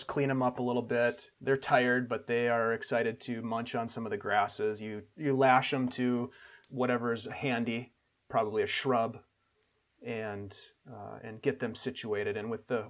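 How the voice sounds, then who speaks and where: Brief: male game master, mid-pitched, easygoing scene-setting. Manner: relaxed narration with filler restarts. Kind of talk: narrating a tabletop game.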